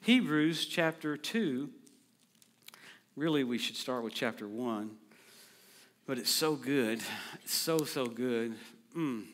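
A middle-aged man preaching a sermon, telling stories with energy and acting out quotes, sometimes shouting them. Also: medium pitch, slow pace, pauses often. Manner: storytelling, animated, acts out quotes loudly. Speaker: traveling preacher.

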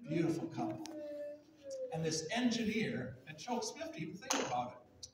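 Impassioned pastor preaching in an echoey church. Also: male voice, high voice, sing-song, fairly quick, noisy background. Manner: impassioned, rising to near shouts, then dropping soft and hushed. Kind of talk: sermon. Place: large church sanctuary. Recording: echoey room audio from a distant mic.

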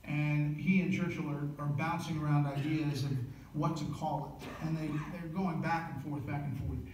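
Male author lecturing, animated storyteller, distant mic, heavy hall reverb, faint room noise. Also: on the high side, normal speed. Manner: animated storytelling with frequent fillers and restarts. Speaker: author giving a book lecture.

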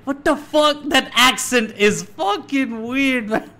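A man's voice: very high-pitched, slow, crowd noise. A man reacting to a puppet comedy video as host, laughing often and swearing freely. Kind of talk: casual reaction commentary.

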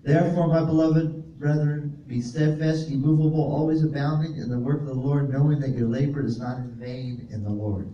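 Male pastor, mellow higher voice, distant mic in a very echoey hall. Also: steady tone, normal speed, few pauses, lo-fi sound. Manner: reads scripture aloud and explains Greek words to a congregation. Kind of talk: sermon with scripture reading. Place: fellowship hall. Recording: roomy echo, voice from off-mic, faint noise.

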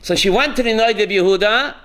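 A man, a rabbi, teaching a class with animated storytelling and calling on students by name. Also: high voice, quick pace.

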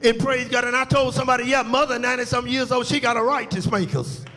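A man's voice: very high-pitched, fairly even intonation, fast, sharp tone, big-room sound. A man preaching a funeral eulogy as pastor, his delivery rising and falling as he calls out to the congregation. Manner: preaching with swells and call-outs to the congregation. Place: church sanctuary.

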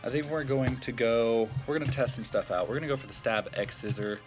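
A man's voice: medium pitch, brisk, music in the background. A man giving casual let's-play commentary, thinking aloud with fillers and self-corrections. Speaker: gameplay commentator.

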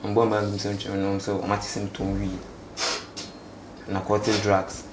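A young man from Ghana telling his story in a casual street interview, speaking haltingly and mixing English with local words. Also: fairly low pitch, completely flat delivery. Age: young adult. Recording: echoey space with faint background noise.

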